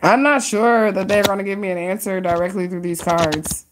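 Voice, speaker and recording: Reading tarot for her live-stream audience, this woman chats excitedly, dropping casual slang and drawing out words for emphasis. Her voice is mid-range, with a slight hiss or hum in the recording.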